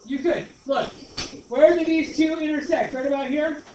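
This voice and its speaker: A high-voiced man with a Brooklyn accent teaches a math class in an animated way. He is recorded from far across an echoey classroom, the sound is dull, and a faint hiss sits underneath. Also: moderate pace. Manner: animated, addresses class as guys.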